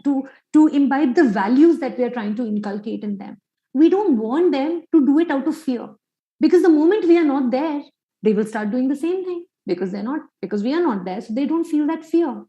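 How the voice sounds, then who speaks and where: A woman's voice: high voice, dark tone, roomy sound, highs cut off. A woman psychologist giving an online parenting workshop, quizzing listeners with many questions.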